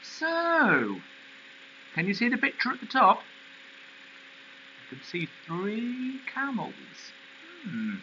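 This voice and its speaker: Lively high-voiced male teacher. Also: takes it slowly, pauses often, highs cut off, slight background noise. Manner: animated, questioning explanations. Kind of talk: recorded lesson.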